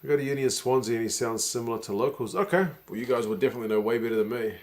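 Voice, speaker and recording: A man casually chatting on a live stream, reading viewer comments aloud and reacting to a rugby match, with frequent chuckles and bursts of excitement at big plays. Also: mid-range voice, rapid-fire.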